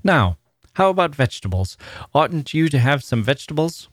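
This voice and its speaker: A man voicing a gentle, attentive father who speaks in a coaxing way. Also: on the high side, big pitch swings, moderate pace, no echo, clean studio sound, pitched above the performer's own voice.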